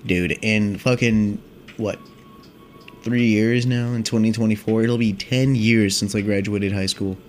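A man's voice: fairly low pitch, fairly even intonation, unhurried, soft background music. Rambling, foul-mouthed young man telling a story. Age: 20s. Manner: rambling, profane, filler-heavy with constant "like" and "dude". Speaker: vlogger. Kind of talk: casual storytelling rant.

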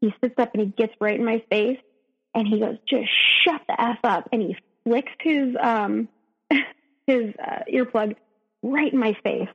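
Woman, husky, fairly high voice, emotional halting storytelling, dull echoey recording. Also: fairly even intonation. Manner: emotional, halting, with many restarts. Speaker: podcast guest. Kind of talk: personal storytelling.

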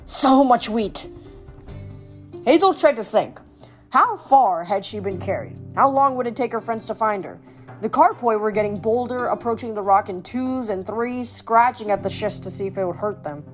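A woman's voice: medium pitch, normal speed, soft background music. Woman reading a novel aloud. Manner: steady storytelling narration. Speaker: audiobook reader.

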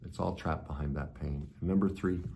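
A middle-aged man telling a personal story in a motivational talk, swinging between loud intensity and hushed reflection. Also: a bass voice, steady tone, a little fast, vocal fry, a little hiss or hum. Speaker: motivational speaker.

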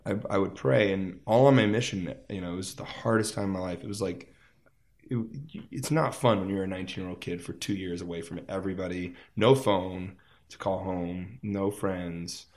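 This deep-voiced man speaks at a moderate pace. He's a thirtysomething musician guest swapping stories in a relaxed interview, lively and peppered with "like," performing the quoted voices himself.

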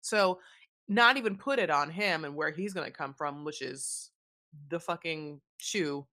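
A woman's voice: deep voice, measured pace, no room sound, clean studio sound. A woman co-hosting a podcast, chatting casually about a reality show and acting out what people say. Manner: animated, swearing, acts out quotes. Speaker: podcast co-host. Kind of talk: casual recap chat.

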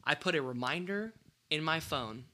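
Bright-voiced rambling young man. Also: a little high, animated, normal speed. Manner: rambling, many restarts and "like" fillers. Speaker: podcast co-host. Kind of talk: casual chat.

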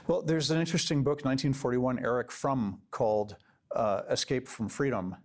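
A man answering interview questions in an earnest, deliberate way with frequent pauses. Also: mid-range voice, a little mellow. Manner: earnest, deliberate, many uh fillers. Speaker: interview guest, legal advocate.

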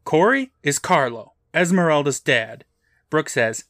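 A man co-hosting a podcast, recapping a TV episode in casual narration with deadpan, crude asides. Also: mid-range voice, normal speed, no echo, studio quality.

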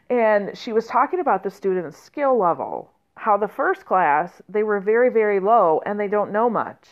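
A woman trainer telling a personal story in a conversational way, with fillers and restarts and lively quoted speech. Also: mid-range voice, measured pace, muffled recording. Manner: conversational, many fillers and restarts, animated quoting.

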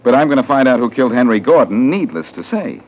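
An actor playing a breezy, teasing wisecracker in a 1940s radio drama, on an old muffled recording. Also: male voice, mid-range voice, big pitch swings, fast talker, a little hiss or hum, close to an everyday voice. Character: wisecracking man, Blackie, tagging after the inspector.

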